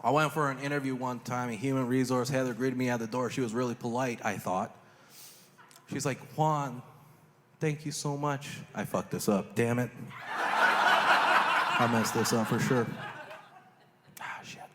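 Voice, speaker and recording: A man's voice: mid-range voice, moderate pace, pauses often. A man doing a live stand-up routine, telling crude, self-mocking stories in punchy bursts. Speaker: stand-up comedian. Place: live comedy stage. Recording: long reverb hall with steady noise.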